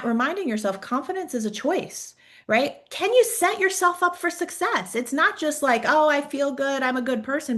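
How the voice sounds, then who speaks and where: A woman's voice: fairly high pitch, fairly bright tone. A woman career coach giving an encouraging, conversational talk, asking reflective questions and often adding "right?". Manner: conversational, peppers sentences with "right?".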